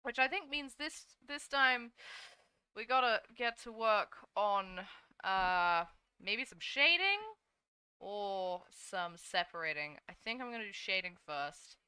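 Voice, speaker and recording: Young woman streamer, bright voice, sleepy chatty talk, dry close sound. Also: mid-range voice, lively intonation, takes it slowly, clean tone, no room sound. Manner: chatty, sleepy, yawning, swears casually. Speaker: VTuber streamer. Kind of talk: casual live-stream chat while drawing.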